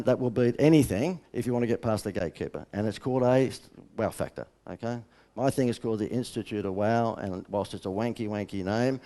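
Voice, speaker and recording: A man's voice: medium pitch, warm tone. A middle-aged Australian man giving a live seminar talk as a business coach, blunt and joking as he tells stories. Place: seminar room.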